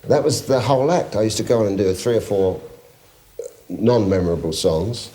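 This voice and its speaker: Lively male storyteller. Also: on the low side, moderate pace. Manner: lively storyteller, laughing often. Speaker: guest singer. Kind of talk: chat show anecdote.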